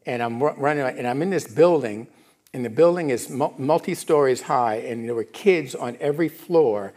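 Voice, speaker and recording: A middle-aged minister speaks at a moderate pace in a mid-range voice, delivering a casual, animated sermon in a church sanctuary and frequently checking whether the congregation is following him.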